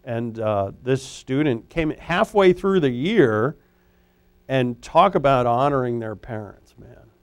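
A man preaching an expository sermon in a conversational, animated way, often restarting his sentences. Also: medium pitch, slow pace, no room sound. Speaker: pastor; former high school teacher.

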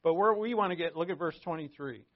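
A man delivers a sermon that moves between scripture reading and relaxed, conversational explanation. His voice sits a little high. The recording sounds dull and lo-fi. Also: fast talker. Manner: reads scripture aloud, then explains it conversationally with asides. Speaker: pastor. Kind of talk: verse-by-verse sermon.

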